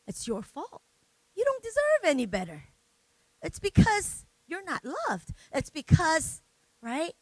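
A woman's voice: sits high, dry recording. A woman preacher giving a conversational sermon, often checking in with the congregation and acting out everyday examples. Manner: conversational preaching, tags "right?", acts out examples.

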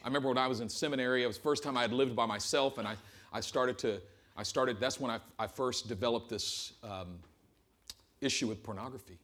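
A man preaching a sermon to a congregation in a church, telling a Bible story with humor and animated storytelling. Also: medium pitch, fairly quick. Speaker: pastor. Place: church service before a congregation.

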